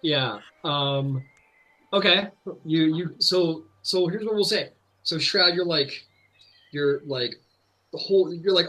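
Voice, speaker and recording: A man's voice: fairly high pitch, unhurried, bright, forceful tone, rough recording. A man narrating as game master, rambling with many fillers and restarts.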